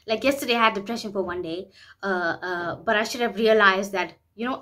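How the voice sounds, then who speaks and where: A woman's voice: medium pitch, fairly quick, pushed and bright. A woman vlogging in a candid, rambling way, often repeating herself and speaking openly about private matters. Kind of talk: candid personal vlog talk.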